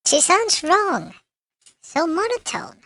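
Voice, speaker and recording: A woman's voice: very high voice, big pitch swings, takes it slowly, fairly bright tone. A woman streaming a game live, making dry, wry reactions as she plays.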